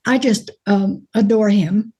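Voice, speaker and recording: A woman from Alabama with a mild Alabama accent, chatting as an actress guest in an interview, folksy and quick to laugh. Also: medium pitch, fairly even intonation, warm tone, slightly rough. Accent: mild Alabama Southern. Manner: folksy, chatty storyteller who laughs easily. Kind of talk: casual interview chat.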